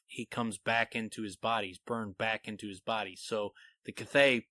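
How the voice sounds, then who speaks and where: A man's voice: on the low side, no echo. A man co-hosting a podcast, eagerly explaining a fantasy book theory in casual chat and reading passages aloud. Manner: animated, explains theories, reads quotes aloud. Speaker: podcast co-host.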